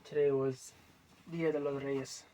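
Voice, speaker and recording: A man casually explaining how he made his own song, rambling loosely with many fillers and quiet trailing asides. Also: medium pitch, level tone, measured pace. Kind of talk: casual music breakdown.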